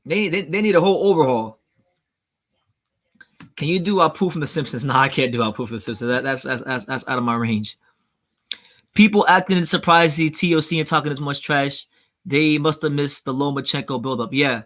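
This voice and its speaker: A man's voice: fairly high pitch, brisk, a bit bright. A man hosting a casual livestream, reading viewer comments, rambling and repeating himself as he talks. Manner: rambling, repeats himself, laughs at his own jokes. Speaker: livestream host.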